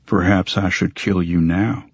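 A man's voice: low-pitched, steady tone, a little slow, vocal fry, slightly rough, dry recording, exaggerated voice. A man voicing a cold menacing vampire lord. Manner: curt and threatening. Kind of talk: audiobook character voice. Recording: dull dry recording.

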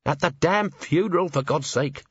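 A man's voice: on the high side, moderate pace, slightly rough, dry recording, muffled recording, pitched above the performer's own voice. Man voicing a growling watch commander, Vimes. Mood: furious. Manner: clipped, growling, barely controlled fury. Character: grim, angry male city watch commander.

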